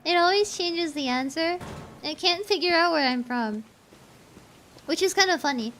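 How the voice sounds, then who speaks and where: Filipino-accented woman, game streamer, high voice, talky and meandering with plenty of restarts. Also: lively intonation, normal speed, a bit bright, a little hiss or hum. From Philippines. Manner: chatty, rambling, restarts phrases while thinking aloud. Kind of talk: casual game-stream chat.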